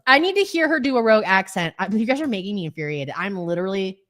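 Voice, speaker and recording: A woman's voice: mid-range voice, very animated, fast, fairly bright tone. A woman co-hosting a casual chat show, blunt and heated, swearing freely as she argues her opinions. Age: adult with children. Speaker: co-host.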